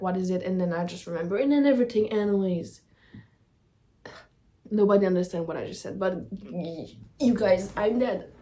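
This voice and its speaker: Young woman chatting in a halting, apologetic way. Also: medium pitch, warm tone. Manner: halting, searching for words, apologetic. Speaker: reaction video host. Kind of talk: emotional reaction vlog chat.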